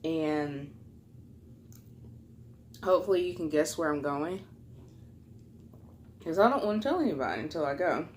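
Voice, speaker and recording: Chatty young woman, lowish voice. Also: lively intonation, unhurried, pauses often, darkish tone, a little hiss or hum. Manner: chatty, many fillers, acts out quotes in a higher voice. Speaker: vlogger. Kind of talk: casual mukbang storytime.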